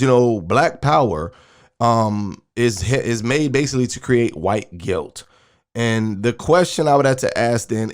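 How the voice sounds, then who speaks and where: A man who is a minister hosting a commentary show, reacting to clips in an emphatic, preachy way. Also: medium pitch. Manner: preachy and emphatic, uses sports metaphors. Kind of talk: commentary on a video clip.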